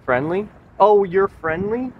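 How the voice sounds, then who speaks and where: A man's voice: high-pitched, lively intonation, a little slow. A young man on a nighttime ghost hunt, asking spirits questions in a teasing, joking way. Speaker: ghost-hunting vlogger. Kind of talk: casual paranormal investigation chat. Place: outdoors at night near a school. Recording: dull lo-fi recording with clear street noise.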